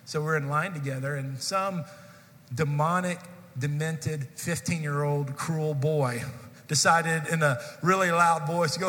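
A man's voice: a little high, fairly even intonation, moderate pace, bright, forceful tone, a little hiss or hum. A male pastor, probably in his forties, telling a humorous personal story to his congregation in a sermon. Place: church sanctuary. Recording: long hall reverb.

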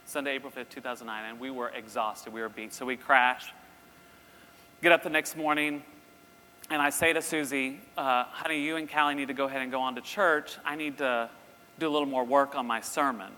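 A middle-aged man telling a lively story in a sermon, acting out voices as he goes. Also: mid-range voice, brisk, slight background noise. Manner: animated, acts out voices in his story. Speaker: university president giving a talk. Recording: long reverb in a hall, faint ambience.

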